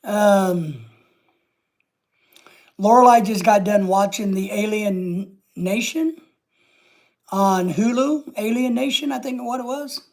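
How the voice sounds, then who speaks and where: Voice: mid-range voice, darkish tone. A live-stream host chatting casually with viewers, rambling and trailing off at the ends of thoughts.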